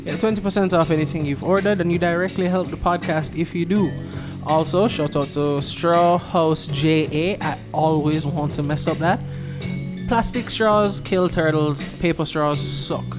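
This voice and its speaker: A man's voice: on the high side, over music. A man with a Jamaican accent hosting a podcast in casual, joking chat. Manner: joking, chatty, quick laughs. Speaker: podcast host.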